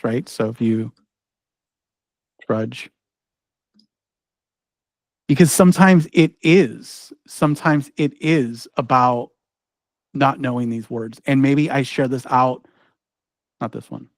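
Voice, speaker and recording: A man leads an online teaching workshop in a loose, chatty way, peppering his talk with "like" and "right?" and restarting sentences as he clicks through a demo. His voice sits at an ordinary middle pitch. It is picked up dry and close on a computer mic, with no room sound. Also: slow, pauses often, dry recording. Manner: casual, chatty, full of "like" and "right?", frequent restarts. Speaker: ed-tech trainer presenting a workshop.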